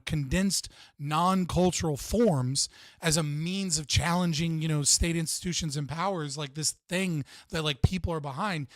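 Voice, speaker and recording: A man's voice: on the high side, fairly bright tone, dry recording. A man reacting on a live stream, ranting and swearing as he talks to his chat. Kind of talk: casual live-stream commentary.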